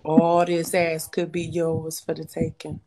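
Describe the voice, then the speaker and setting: A woman's voice: low-pitched, monotone, a little slow, mellow, a little hiss or hum. A woman playing flirty, sassy Uncle Cliff. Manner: teasing, seductive drawl with Southern slang. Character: flamboyant, flirty, sassy club-owner character. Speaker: actress. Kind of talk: comedic prank role-play.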